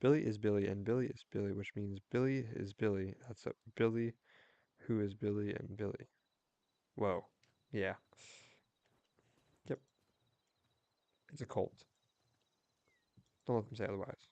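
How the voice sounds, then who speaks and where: Young man, low-pitched voice, rambling, casual game stream chat, dry close sound. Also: steady tone, warm tone, no room sound, muffled recording. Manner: rambling, storytelling with quick restarts. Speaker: livestreamer. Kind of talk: casual chat while gaming.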